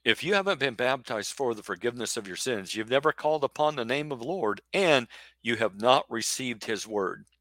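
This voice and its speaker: Man, middle-aged, preacher; forceful bright tone, close dry sound, rhetorical sermon delivery. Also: medium pitch, animated, a little fast, dry recording. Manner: emphatic, rhetorical, acts out imagined questions. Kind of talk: sermon-style Bible teaching.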